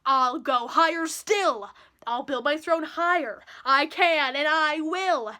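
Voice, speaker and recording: A woman's voice: high voice, takes it slowly, bright, forceful tone, full character voice. A woman voicing a pompous, boastful male turtle king who bellows his commands. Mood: furious.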